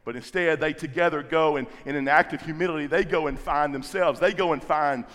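A man's voice: a little high, a little fast, a bit bright, long reverb tail. A man preaching a sermon, retelling scripture and building to fervent, emphatic repetition. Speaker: pastor.

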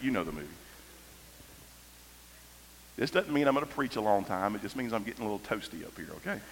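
A man preaching an animated storytelling sermon, swinging between loud exclamations and quiet asides, in a large church hall. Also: on the low side, rapid-fire, slight background noise. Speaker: pastor. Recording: echoey hall.

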